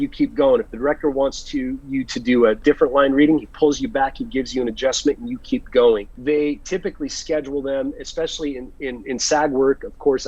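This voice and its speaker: A man, an actor, chatting as an interview guest, telling animated stories and giving earnest advice. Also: mid-range voice, slightly rough, no room sound, muffled recording. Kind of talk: casual interview chat.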